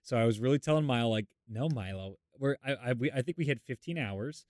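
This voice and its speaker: A young man co-hosting a gaming podcast, telling a story in a casual, animated way and acting out what others said. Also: fast, dry recording, clean studio sound. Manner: animated, acts out quotes with jumps in pitch. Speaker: podcast co-host.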